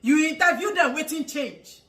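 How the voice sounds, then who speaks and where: A woman with a Nigerian accent in an angry vlog commentary, scolding with rhetorical questions, mocking laughs and bursts of shouting. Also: high-pitched, animated, moderate pace, rough recording.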